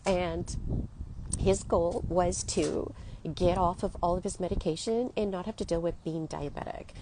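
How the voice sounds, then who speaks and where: A woman's voice: fairly low pitch, fairly even intonation, a little slow, noisy background. A woman in her fifties, a health coach, talking earnestly and emotionally straight to her listeners. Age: 50s. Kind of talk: motivational monologue to listeners.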